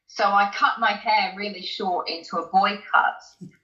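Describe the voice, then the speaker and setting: Bright-voiced British woman telling a story. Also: mid-range voice, unhurried. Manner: chatty, many ums and restarts, laughs often. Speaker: interview guest. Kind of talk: personal storytelling in conversation. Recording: roomy, slightly dull recording.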